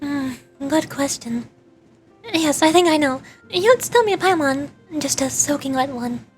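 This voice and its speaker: A woman's voice: high-pitched, animated, measured pace, soft background music. A woman streamer chatting casually with her viewers, talkative and often stumbling over repeated words. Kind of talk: casual live-stream chat.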